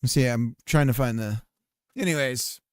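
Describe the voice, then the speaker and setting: A man's voice: mid-range voice, unhurried, no echo, studio quality. A man streaming his game playtest, chatting casually and telling rambling, jokey stories. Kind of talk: casual chat while playtesting.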